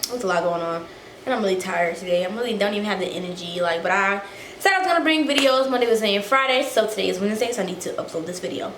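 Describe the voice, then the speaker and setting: A woman's voice: medium pitch, animated, racing, a bit bright. A young woman in her twenties, a soldier, chatting casually to her viewers in a slangy vlog recorded on her phone. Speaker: soldier vlogger. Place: phone recording in a room and a car. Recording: roomy phone audio with faint noise.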